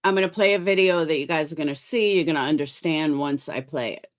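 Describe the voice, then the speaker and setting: A middle-aged woman hosts a casual livestream as a commentary host, chatting with viewers by name and throwing in sarcastic asides. She has a low voice and speaks fast.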